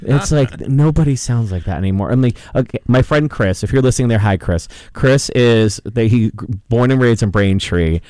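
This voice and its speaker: A man's voice: mid-range voice, moderate pace, hardly any pauses, a little mellow, no room sound. A man in his forties co-hosting a radio show, talking casually and rambling with many restarts. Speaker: radio co-host. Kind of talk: casual on-air chat. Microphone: studio mic.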